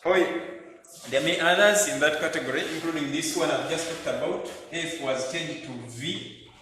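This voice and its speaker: A man teaching a grammar lesson to schoolchildren, talking slowly and deliberately and spelling words out letter by letter. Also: fairly high pitch, a bit bright. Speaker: primary school English teacher. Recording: echoey room, distant mic, faint noise.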